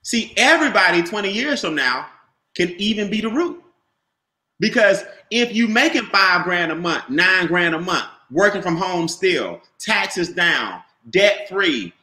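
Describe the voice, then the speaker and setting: A man giving an animated, repetitive motivational sales talk about a home business, calling on listeners by name. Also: high voice, echoey room. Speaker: business opportunity presenter.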